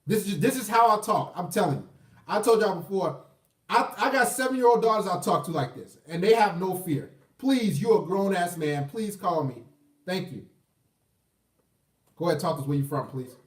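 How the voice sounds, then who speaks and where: A man's voice: sits high, lively intonation, normal speed, far from the mic. A man in his thirties hosting a casual call-in live stream, blunt and profane as he urges callers to talk. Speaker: call-in show host. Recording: echoey room, off-mic.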